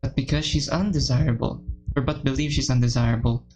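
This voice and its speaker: Wry low-voiced woman gaming host. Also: steady tone, a little fast, warm tone. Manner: wry, mocking, laughs at the script. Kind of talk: casual commentary over a game.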